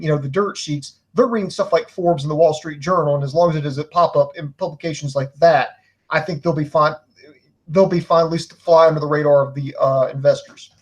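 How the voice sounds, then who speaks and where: Casting note: slightly high-voiced man, calm and analytical co-host. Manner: measured, analytical explaining. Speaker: podcast co-host. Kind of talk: casual wrestling talk.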